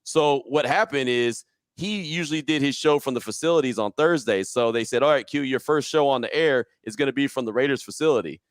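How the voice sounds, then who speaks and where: A man's voice: medium pitch, brisk, dry recording. A man in an interview, casually telling a story and acting out his own quotes with animation. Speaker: podcast guest, sports radio host.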